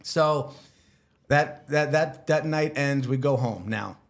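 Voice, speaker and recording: A man telling a long personal story as a podcast guest, animated, swearing freely and acting out what people said. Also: mid-range voice, slow pace. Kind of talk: casual storytelling.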